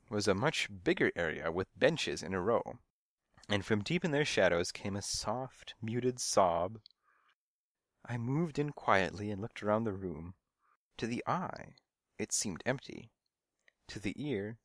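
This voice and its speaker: Guy reading a kids mystery book, lowish voice, dry close mic. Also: no echo. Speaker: audiobook narrator. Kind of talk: first-person storybook narration.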